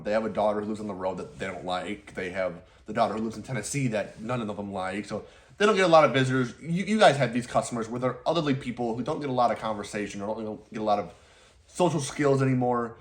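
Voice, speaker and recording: A man's voice: lowish voice, fast. Laid-back man rambling through a story. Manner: rambling, laughs often, swears casually. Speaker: lawn care business owner. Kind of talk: casual storytelling vlog.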